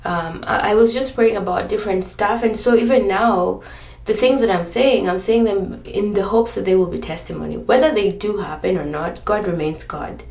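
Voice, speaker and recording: A pregnant woman vlogging about her pregnancy journey chats casually at home, sounding tired and earnest as she rambles through her thoughts. Her mid-range voice is gravelly and a little mellow at normal speed, recorded somewhat off-mic with roomy echo.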